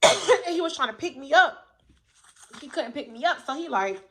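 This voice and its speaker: A woman with a high-sitting, somewhat bright and expressive voice tells her own story to camera as a vlogger, at a moderate pace. She's candid, casual and emphatic, often repeating herself for weight, and she coughs along the way.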